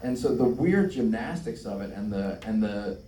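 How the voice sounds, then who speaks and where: A man's voice: lowish voice, lively intonation, moderate pace, background noise. Man, panel actor, rambling casual delivery, roomy distant pickup. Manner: rambling, self-deprecating, frequent "like". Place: event stage before an audience. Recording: roomy live room, distant mic.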